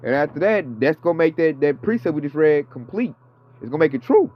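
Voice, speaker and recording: Man, 30s-40s, casual street preaching, slangy, profane, higher voice, muffled lo-fi audio. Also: animated, fairly quick, dry recording. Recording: dull lo-fi audio with faint music.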